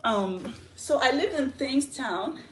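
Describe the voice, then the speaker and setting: A woman on a phone livestream, telling a story in a chatty, animated way and laughing often. Her voice sits a little high, with a faint hiss behind it. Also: measured pace. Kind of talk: casual live story time.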